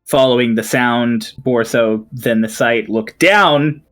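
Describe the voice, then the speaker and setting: A man narrating as dungeon master, relaxed and chatty, with fillers. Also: mid-range voice, slow pace, faint music behind. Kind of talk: narrating a tabletop game.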